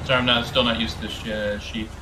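A man's voice: fairly low pitch, flat delivery, quick pace, noisy background. A man playing a tabletop game, speaking briefly and matter-of-factly. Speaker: player. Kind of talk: casual tabletop game play.

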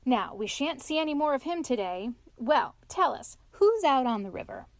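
A woman voicing an excitable male water rat in a storybook reading, bright and eager. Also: high voice, normal speed, dry recording, voice pushed up. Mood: cheery.

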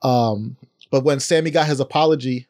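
A man co-hosting a podcast in a casual, animated chat, laughing between his points. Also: medium pitch, moderate pace. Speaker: podcast co-host.

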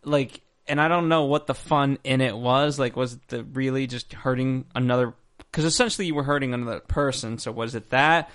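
A man's voice: medium pitch, brisk, fairly bright tone. Hesitant man on a TV recap panel. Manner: thoughtful, hesitant restarts. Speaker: show panelist. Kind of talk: casual TV recap chat.

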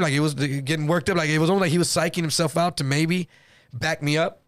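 A man from Texas spins a tale in an animated, slangy, profane way. His voice sits a touch high and gravelly, recorded close and dry with no room sound. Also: quick pace, no echo. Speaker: guest comedian. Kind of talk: casual storytelling.

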